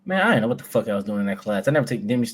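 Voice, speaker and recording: A man's voice: fairly low pitch, sing-song, rapid-fire. A man in his thirties, a podcast co-host, telling a story in casual, profane chat and laughing often.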